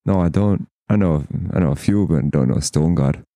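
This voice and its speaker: Male tabletop player, low mellow voice, wry and sweary, dry close sound. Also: brisk, dry recording. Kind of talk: in-character tabletop role-play.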